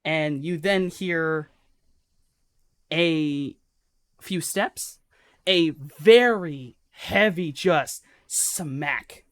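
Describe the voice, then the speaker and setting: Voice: medium pitch, drawn-out words, pauses often, dry recording. Game master narrating a tabletop horror game, casual, descriptive, dry close sound.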